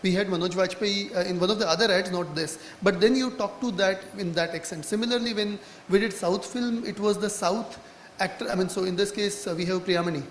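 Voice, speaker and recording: A high-pitched man explains his marketing approach on a conference panel. His voice carries through a large, echoing hall with a long reverb tail and a faint hiss underneath. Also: steady tone. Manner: quick explanatory talk, mixing in Hindi phrases. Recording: echoey hall with faint noise.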